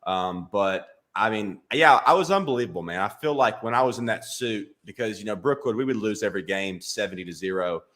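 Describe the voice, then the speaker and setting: A man from Alabama with a thick Southern accent, a comedian telling deadpan, self-mocking stories as a guest in a casual interview. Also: on the low side, fairly quick, few pauses.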